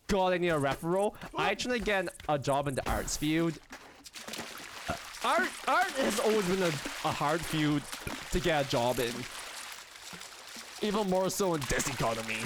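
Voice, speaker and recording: A young man livestreaming in a casual, rambling chat, excitable, often laughing and squealing, with lots of restarts. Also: on the high side, background noise. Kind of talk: casual live-stream chat.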